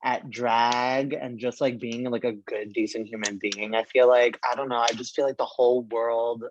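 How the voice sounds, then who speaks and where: A drag performer from Brooklyn, chatting in a sassy, slangy way and laughing often. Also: male voice, mid-range voice, steady tone, moderate pace, muffled recording, a little hiss or hum. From Brooklyn, New York. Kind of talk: casual podcast chat.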